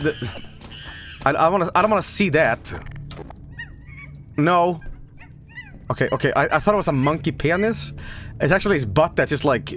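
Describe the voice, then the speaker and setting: An excitable man streams a game with casual commentary, swearing and laughing as he goes. His voice sits high and swings wildly up and down. Faint music plays beneath him. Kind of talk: casual let's-play commentary.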